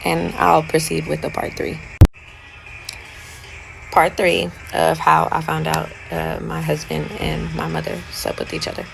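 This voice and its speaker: A woman's voice: deep voice, a little slow, vocal fry, music in the background, rough recording. A young woman chatting casually as she retells a personal story, often slipping into quotes of what she and others said.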